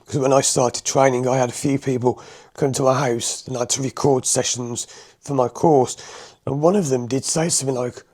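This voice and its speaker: In a room at home, a hypnotherapist who also teaches driving explains things to viewers on camera. He is chatty and conversational, with a mellow, medium-pitched voice and frequent laughter.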